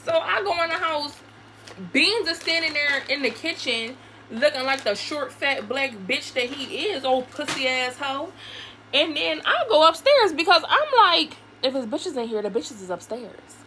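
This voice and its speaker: A young woman, telling a casual, profane story in an animated way while doing her makeup at home. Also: high-pitched. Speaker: vlogger. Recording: noisy home recording.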